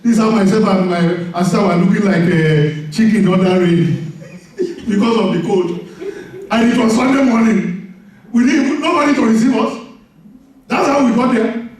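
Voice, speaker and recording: A high-pitched man preaches with animated energy, laughing often and calling out for responses from the congregation. His voice sounds set back from the mic, ringing through a very echoey church hall. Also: normal speed, distant mic. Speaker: pastor. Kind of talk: sermon.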